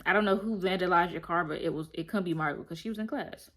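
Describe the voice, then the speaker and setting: A woman in a casual, animated recap of a TV show, telling it in a slangy, chatty way. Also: lowish voice, fast. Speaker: TV show reviewer.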